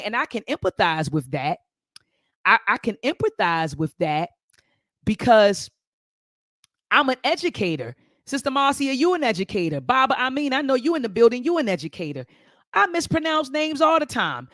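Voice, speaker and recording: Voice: mid-range voice, very animated, moderate pace, fairly bright tone, no room sound. An educator hosting casual commentary, talking in a rambling way, backtracking and speaking straight to viewers. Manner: conversational, rambling, loses the thread and backtracks; addresses viewers and commenters directly.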